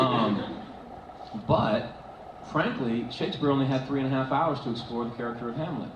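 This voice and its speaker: A man chatting on a convention stage, laughing and restarting his sentences as he tells stories. his mid-pitched voice is picked up by a handheld mic and sounds dull and lo-fi. the hall is roomy and the noisy crowd is clearly heard behind him. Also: brisk. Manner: animated, laughing storyteller with many restarts. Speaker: convention panel guest. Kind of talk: casual stage Q&A storytelling. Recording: echoey hall, dull, noisy fan recording.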